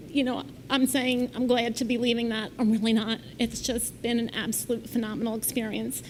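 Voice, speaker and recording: Tearful woman giving a halting farewell. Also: a little high, little pitch movement, a little hiss or hum. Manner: heartfelt, halting, with fillers. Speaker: departing school administrator. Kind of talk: farewell speech at a meeting. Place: school board meeting room.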